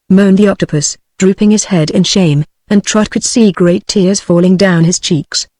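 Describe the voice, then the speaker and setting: A British woman's synthetic voice reading an audiobook in an even tone. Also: on the low side, normal speed, hardly any pauses, no echo. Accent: British English. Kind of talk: text-to-speech audiobook narration.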